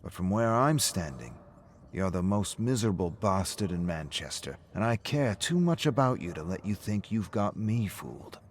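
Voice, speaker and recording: A man plays a blunt pub owner who cares and keeps probing in a steady, low voice. He sounds level and direct. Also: moderate pace, a little hiss or hum. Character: blunt, caring male pub owner and friend.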